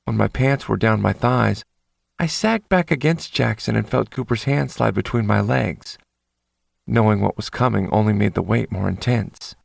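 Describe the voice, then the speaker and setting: A man's voice: lowish voice, moderate pace, vocal fry, no room sound, studio quality. A man narrating a first-person romance audiobook in an intimate inner-monologue manner.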